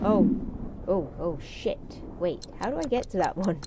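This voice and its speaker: A woman's voice: fairly low pitch, animated, measured pace, very noisy. A young woman commentating a horror game as she plays, sweary, sarcastic and jumpy. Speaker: let's play gamer.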